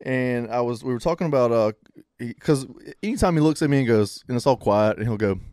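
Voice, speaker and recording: A man's voice: mid-range voice, lively intonation, a little fast, a little mellow, no room sound, clean studio sound. A man co-hosting a casual podcast chat, laid-back and drawling, with many hesitations. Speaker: podcast co-host.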